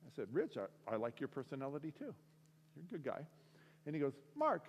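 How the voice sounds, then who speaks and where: A man gives a storytelling talk and acts out each voice in his story with lively energy. His middle-pitched voice carries a long hall reverb. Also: a little fast. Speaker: speaker. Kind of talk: storytelling sermon.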